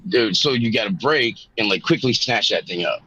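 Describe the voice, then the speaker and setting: A man on a panel, chatting casually, blunt and swearing freely as he tells animated stories. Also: on the low side, moderate pace, crowd noise. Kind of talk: casual chat. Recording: dull lo-fi mic.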